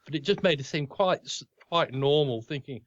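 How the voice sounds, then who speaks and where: A man's voice: a little high, animated, normal speed, no room sound. An Australian man co-hosting a casual talk show, telling anecdotes in a chatty way. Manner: chatty storyteller, laughs into his anecdotes. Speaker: podcast co-host. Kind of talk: casual chat. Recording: dull, dry lo-fi sound.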